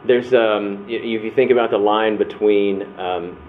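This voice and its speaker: Male workshop speaker, low-pitched and casual, storytelling, sounds like a phone line. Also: steady tone, a little slow. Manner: conversational, restarts and acts out quotes. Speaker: breakout session speaker. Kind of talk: storytelling church workshop talk. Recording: tinny phone-like sound with faint noise.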